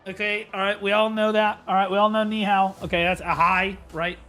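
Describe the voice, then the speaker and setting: A man streaming in a casual chat, rambling and excitable, stumbling over restarts and breaking into shouting bursts. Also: sits high, fairly quick, soft background music. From United States.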